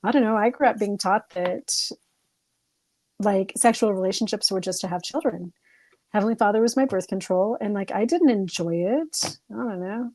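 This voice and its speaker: A woman's voice: medium pitch, normal speed, a little mellow, no echo. A young woman who is a guest on a podcast, talking candidly and joking in casual chat. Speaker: guest, therapist-style content creator.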